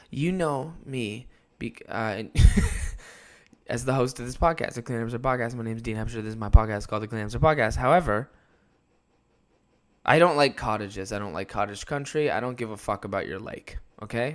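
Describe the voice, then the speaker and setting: Rowdy young man, solo podcast host, loose profane storytelling with lots of laughter. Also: mid-range voice. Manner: animated, profane, rambling, laughs often.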